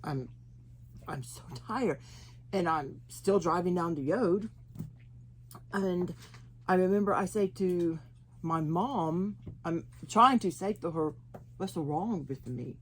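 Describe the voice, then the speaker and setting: Woman, Oklahoma accent, halting slowed speech, laughs easily, low-pitched, faint ambience. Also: slight background noise. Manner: chatty, laughs often. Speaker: interview guest. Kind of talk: personal testimony.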